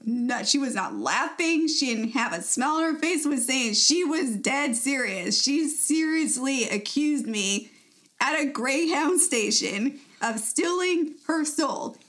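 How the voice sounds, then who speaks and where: This young woman's voice sits high and sounds expressive, unhurried and a bit bright. Co-hosting a podcast, she tells a story chattily, with frequent laughs and plenty of fillers.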